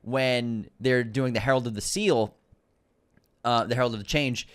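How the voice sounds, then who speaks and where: A man with a Boston accent co-hosting a movie news podcast, talking casually and excitedly, explaining at length and tripping over names. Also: mid-range voice, normal speed, smooth. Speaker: podcast co-host.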